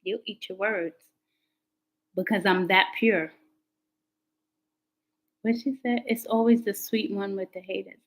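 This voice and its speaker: A woman's voice: mid-range voice, low-quality recording. Chatty woman tarot reader on a livestream. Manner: chatty and candid, slangy, talks back to chat comments. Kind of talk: casual livestream chat with viewers.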